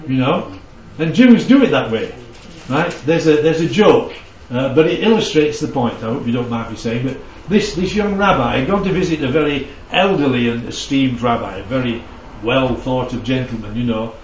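A man's voice: medium pitch, lively intonation, normal speed, few pauses, a little mellow, a little hiss or hum. A man preaching a conversational Bible teaching, often checking in with his listeners. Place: church hall. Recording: dull, echoey hall from far off.

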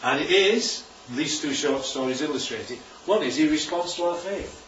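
A man's voice: on the high side, lively intonation, moderate pace, fairly bright tone, a little hiss or hum. A man preaching informally to a congregation, often asking "right?" and "isn't that lovely?". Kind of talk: informal church talk with slides. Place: church hall. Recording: roomy, distant and dull church recording.

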